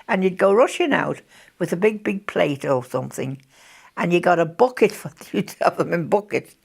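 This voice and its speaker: A woman's voice: lowish voice, lively intonation, normal speed, gravelly, slightly rough. A woman, chatting as she recalls wartime memories in an interview and laughing often. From Birkenhead, England. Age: 80s.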